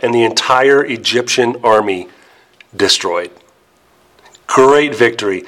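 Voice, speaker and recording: A male pastor delivers a sermon in a storytelling way, with a voice of ordinary middle pitch. He slows down and drops his voice low and soft to stress key words.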